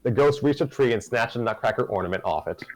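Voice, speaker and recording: A man's voice: medium pitch, expressive, fast, faint music behind, low-quality recording. A man hosting and reading a story aloud live, narrating conversationally with self-corrections. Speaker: story reader and host.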